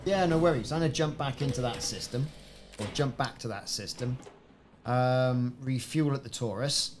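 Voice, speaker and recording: A man's voice: medium pitch, normal speed, a little hiss or hum. Chatty man commenting on his game. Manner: chatty, repeats words, talks to friends as he plays. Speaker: gaming video host. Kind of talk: casual gameplay commentary.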